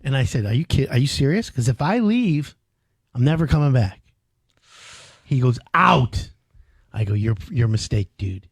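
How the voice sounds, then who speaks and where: A man in his fifties hosting a home improvement radio show, telling stories with loud animated bursts. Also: mid-range voice, moderate pace, gravelly, pauses often, breathy edge, no echo. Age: 50s. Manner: animated storyteller, loud bursts, reads phone number. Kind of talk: casual radio chat.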